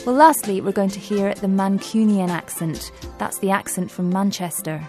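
A woman presenting a language-learning programme, explaining points clearly and in a friendly way from a script. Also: mid-range voice, normal speed, warm tone, soft background music.

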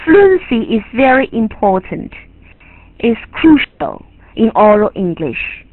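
Husky woman teacher, lo-fi recording. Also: medium pitch, animated, a little slow. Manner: emphatic, repeats key points. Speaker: English teacher. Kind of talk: classroom lecture. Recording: tinny lo-fi, phone-like recording.

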